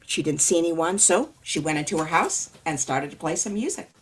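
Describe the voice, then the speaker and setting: Animated sing-song woman storyteller. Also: sits low, fairly quick, husky. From California. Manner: animated, sing-song, repeats sound words. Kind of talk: participatory storytelling for a live audience. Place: storytelling festival workshop.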